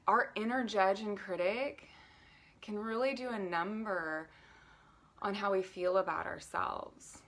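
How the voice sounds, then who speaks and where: A woman coaching on self-love in a live stream, calmly leading breathing and speaking in a gentle, guiding way that sometimes drops to a near whisper. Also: mid-range voice, unhurried, gravelly.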